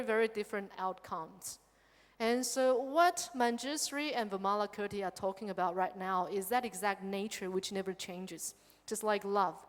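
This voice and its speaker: A Buddhist nun giving a dharma lecture on a sutra, lively and engaging, often checking in with her listeners by asking "okay?". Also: medium pitch. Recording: long hall reverb.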